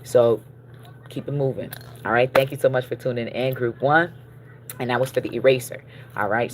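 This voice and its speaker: A tarot card reader giving a casual spiritual reading, encouraging and loose, often checking in with listeners with a quick "okay?" or "all right?" and pausing on fillers. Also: mid-range voice, background noise. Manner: loose and chatty, with fillers and self-corrections.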